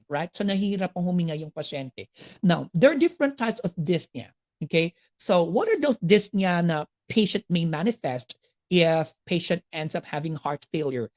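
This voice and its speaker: Filipino lady teaching nursing review, mixes in tagalog, slightly low pitched. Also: lively intonation, moderate pace, a little mellow. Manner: mixes English with Tagalog, checks in with "okay?". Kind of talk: lecture.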